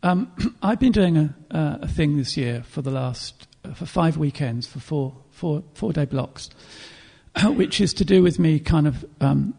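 A man preaching a sermon in an earnest, reflective way, pausing to clear his throat and restart phrases. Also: fairly high pitch, animated, mellow.

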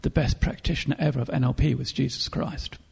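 A man preaching a sermon in an earnest, reflective way, pausing to clear his throat and restart phrases. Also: medium pitch, steady tone, a little mellow.

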